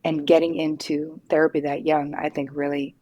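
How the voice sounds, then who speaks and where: A middle-aged woman, a psychotherapist guest, telling her story frankly and lively, swearing casually. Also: deep voice, normal speed, no echo, lo-fi sound. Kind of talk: candid conversational storytelling.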